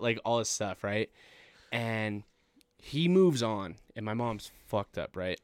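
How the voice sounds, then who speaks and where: A man's voice: on the low side, moderate pace, clean tone, no room sound. A young man in his twenties telling a long, rambling, profane story in casual chat and laughing at it.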